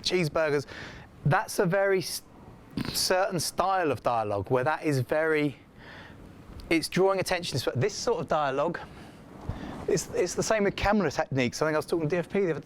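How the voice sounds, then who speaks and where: Man, classroom lecture, mid-range voice, chatty and lively, faint background hiss. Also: mid-range voice. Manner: chatty, animated, acts out quoted feedback. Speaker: scriptwriting lecturer.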